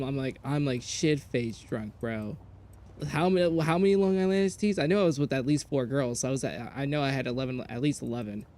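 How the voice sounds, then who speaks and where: A man streaming a game, telling a story in casual chat, animated and profane, jumping between loud outbursts and low mutters. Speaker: gaming streamer.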